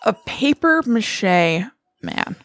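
A woman co-hosting a podcast, casually recapping a movie plot in an animated, storytelling way. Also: high-pitched, slow, no echo, studio quality. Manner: animated storyteller, acts out lines with laughs. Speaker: podcast co-host.

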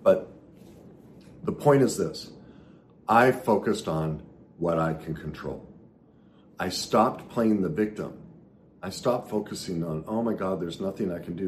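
A middle-aged man giving an earnest, emphatic motivational talk to his followers, swinging between loud stresses and soft asides. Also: low voice, slight background noise. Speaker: self-help speaker.

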